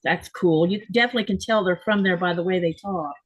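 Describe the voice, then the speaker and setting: A woman's voice: on the low side, fast, slightly rough, soft background music. A woman hosting a sewing live stream, chatting casually and telling stories while reading viewer comments. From Florida. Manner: chatty storyteller, reads viewer comments aloud.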